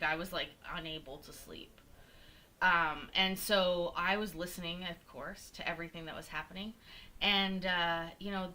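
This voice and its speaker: Bright-voiced woman telling a story candidly. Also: on the low side, slight background noise, poor audio. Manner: candid and profane, emphatic, animated retelling. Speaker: podcast co-host. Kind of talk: casual live storytelling.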